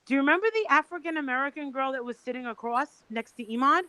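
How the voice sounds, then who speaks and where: A woman's voice: high-pitched, quick pace, sharp tone, no echo, rough recording. A woman on a video call telling a rambling story in casual chat, acting out the people she quotes. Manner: rambling, acts out quoted dialogue. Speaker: guest recounting events.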